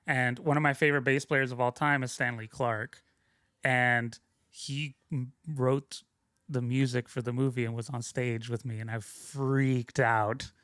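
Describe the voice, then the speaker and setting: A man's voice: mid-range voice, little pitch movement, a little slow, fairly bright tone, smooth, dry recording. Rambling guest man, dry close mic. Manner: rambling, self-interrupting, frequent "like" fillers. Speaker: podcast guest, sound mixer. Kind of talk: casual conversational storytelling.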